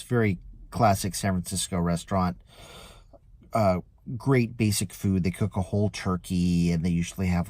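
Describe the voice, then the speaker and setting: A man's voice: deep voice, no echo. Chatty man telling a rideshare story. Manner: chatty, animated retelling with lively quoted voices. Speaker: rideshare driver. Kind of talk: casual storytelling vlog.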